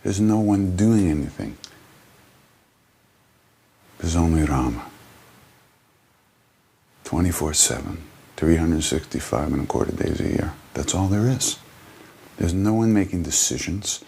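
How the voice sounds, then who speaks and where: A man in an interview, reflectively telling spiritual stories in an earnest, halting way with many restarts. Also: deep voice, expressive, creaky, dark tone, a little hiss or hum. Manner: earnest storyteller. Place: small hotel.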